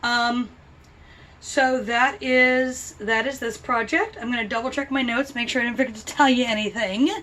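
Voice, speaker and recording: A woman's voice: on the high side, fairly even intonation, normal speed, a bit bright, recorded from a distance. A woman vlogging about her crochet project in a chatty, rambling, self-deprecating way. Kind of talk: casual chat.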